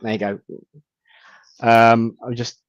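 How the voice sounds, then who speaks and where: A man, a reverend hosting a casual live chat, rambling warmly and greeting viewers by name. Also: mid-range voice, flat delivery, takes it slowly, clean tone, no room sound. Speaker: host, reverend. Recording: dull lo-fi sound.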